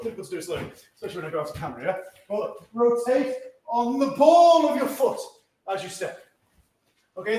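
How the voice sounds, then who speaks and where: A man teaching a karate class, giving instructions and checking in with a frequent "yeah?". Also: high voice. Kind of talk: teaching a martial arts class. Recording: echoey room from a distance.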